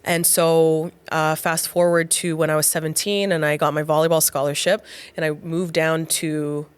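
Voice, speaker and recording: A woman in her thirties or forties co-hosting a podcast, speaking slowly and reflectively about her faith. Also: sits low, flat delivery, clean tone, no echo. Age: 30s to 40s. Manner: reflective, slow with pauses. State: emotional. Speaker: podcast co-host. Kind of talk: heartfelt faith conversation.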